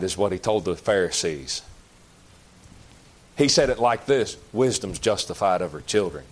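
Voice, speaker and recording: A man preaching a sermon in a folksy, emphatic way, jumping to loud outbursts and dropping to low, slow asides. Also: expressive. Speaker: pastor.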